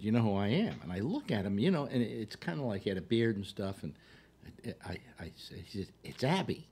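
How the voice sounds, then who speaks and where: Older man, talk show host, lowish pitch, halting, filler-heavy anecdotes. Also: a little mellow, slightly rough. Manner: halting, full of fillers and restarts. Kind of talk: rambling anecdotal storytelling.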